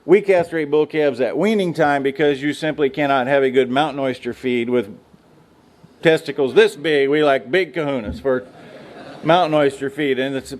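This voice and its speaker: A man's voice: mid-range voice, moderate pace. A middle-aged man from the United States speaking to students, a folksy storyteller joking about ranch life. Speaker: guest speaker. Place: lecture room.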